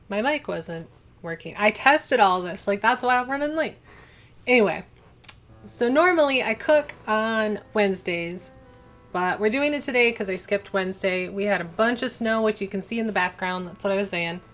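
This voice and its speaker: A woman's voice: mid-range voice, a bit bright. A young woman hosting a casual cooking livestream from her home kitchen, chatting and rambling as she answers viewers' chat. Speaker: livestream host.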